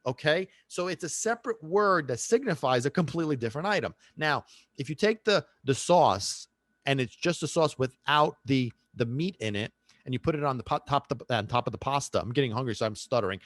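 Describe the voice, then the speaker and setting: A man hosts a casual solo podcast rant, speaking briskly in a medium-pitched voice that rises and falls a great deal. He's animated and playful, joking loosely and dropping Italian phrases into his talk. The recording is close and dry, with no room sound.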